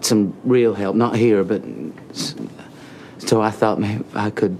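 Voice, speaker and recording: A man's voice: fairly low pitch, steady tone, slow, a little hiss or hum. An actor playing a naive, love-struck male prisoner who speaks with a Texan Southern accent, hesitant and stammering. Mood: shy. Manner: hesitant, stammering, soft-spoken. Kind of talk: film dialogue.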